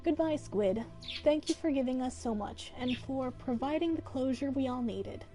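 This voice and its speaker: A woman voicing gentle simulated crew members who give a soft, tender farewell while she reads game dialogue aloud. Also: high-pitched, normal speed, soft background music, natural voice.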